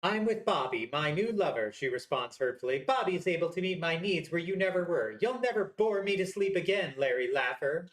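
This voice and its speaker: A cold, dismissive wife speaks bluntly, voiced by a gamer. Her lines come out low and curt. She is done with the marriage. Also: expressive, brisk, few pauses, natural voice, rough recording.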